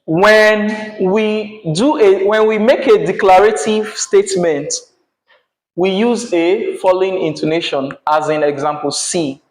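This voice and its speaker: A man's voice: high-pitched, fairly even intonation, takes it slowly. A male teacher, teaching a class patiently and checking in often with "yeah?" and "right?". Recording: echoey classroom.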